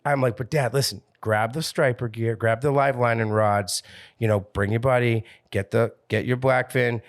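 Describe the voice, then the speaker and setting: A man with a Northeastern US accent telling a fishing story on a podcast, acting out the voices of the people he quotes. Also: mid-range voice. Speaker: fishing captain guest.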